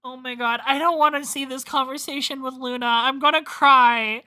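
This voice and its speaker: A young woman streamer giving emotional let's play commentary, moving between loud wails and low murmurs, swearing freely. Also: fairly even intonation, fairly quick. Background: lofi music.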